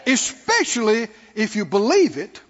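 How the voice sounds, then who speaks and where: Man, preacher, very high voice, sermon, calls out to the congregation, lo-fi church recording with long reverb. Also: wildly swooping pitch, a little slow. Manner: acts out worried believers in a mocking tone. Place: church sanctuary.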